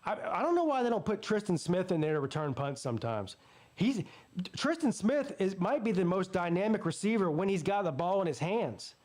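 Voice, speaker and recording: In a sing-song, a little mellow, and fairly quick, a high-pitched sports channel host narrates a live football game down by down, yardage included. He drops into blunt, profane rants between plays while keeping up the easygoing running commentary of a watch-party host.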